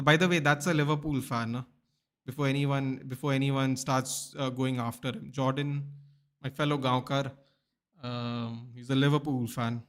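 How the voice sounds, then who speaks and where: A young man chatting casually on a live football watchalong, bantering and answering viewers by name. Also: on the high side. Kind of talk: casual live-stream chat reading viewer comments.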